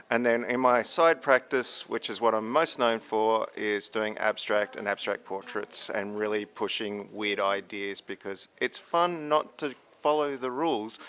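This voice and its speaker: Man photo judge, easygoing and wry, bright sharp voice. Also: medium pitch. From Tasmania, Australia. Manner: dry, joking, easygoing. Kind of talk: casual self-introduction and critique. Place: judging room.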